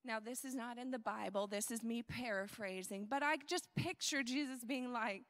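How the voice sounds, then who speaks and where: High, bright woman preaching slowly. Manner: animated, conversational, uses repetition. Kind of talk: sermon.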